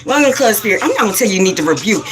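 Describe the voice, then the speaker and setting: A woman hosting a spiritual livestream, scolding viewers and repeating herself for emphasis in a rapid-fire way. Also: mid-range voice, very animated, background noise. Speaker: livestream host.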